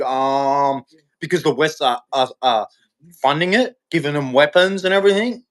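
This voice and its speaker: A man's voice: on the high side, brisk, fairly bright tone. A man hosting a live show, talking in a heated, rambling and repetitive way, often restarting his sentences. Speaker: host. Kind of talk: unscripted live commentary. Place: hot room in Queensland.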